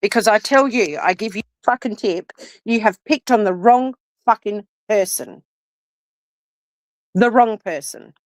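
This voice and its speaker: Speaking unhurriedly in a medium-pitched voice, this woman is in a rage on her livestream, trembling as she curses without letup. She repeats her demands over and over, and the audio has no echo.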